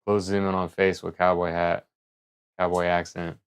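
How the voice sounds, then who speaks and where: A male streamer chatting casually on a live stream, rambling and thinking out loud. His voice is low and deep. It is smooth and resonant. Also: level tone, moderate pace. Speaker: livestreamer.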